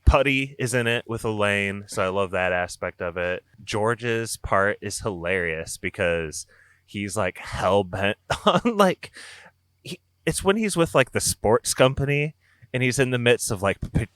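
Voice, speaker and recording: A man hosting a podcast in casual chat, giggly and animated as he talks. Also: on the low side, unhurried, smooth, dry recording. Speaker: podcast host.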